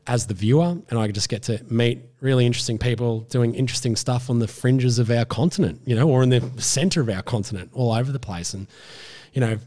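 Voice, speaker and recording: A man's voice: mid-range voice, fairly quick, warm tone. A man with an Australian accent, a television presenter chatting as a guest, rambling with restarts and acting out voices. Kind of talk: casual interview chat.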